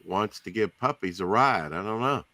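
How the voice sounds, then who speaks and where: Deep-voiced man hosting a casual stream. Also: moderate pace. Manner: relaxed, teasing, rambling. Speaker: host.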